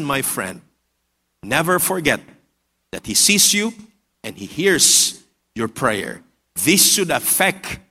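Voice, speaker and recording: Man preacher, higher bright voice, earnest and repetitive, long hall reverb. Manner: repetitive, earnest, dropping low and soft for emphasis. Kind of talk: sermon.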